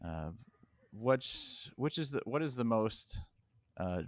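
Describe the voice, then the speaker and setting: A man's voice: mid-range voice, very animated, slow, no echo. A man co-hosting a podcast in casual chat, asking questions and teasing the others. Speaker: podcast co-host.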